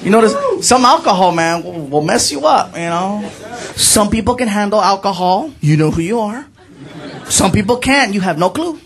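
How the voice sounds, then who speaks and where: A man performing a stand-up comedy routine, loud and animated, shouting punchlines and laughing along. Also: high-pitched, moderate pace. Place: comedy club stage with laughing audience. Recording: live show with crowd noise. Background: audience laughter.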